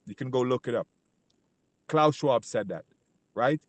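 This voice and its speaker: A man giving an informal Bible teaching. He talks emphatically, keeps asking "right?", repeats himself, and reads scripture slowly and loudly. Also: mid-range voice, animated, dry recording. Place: Canada.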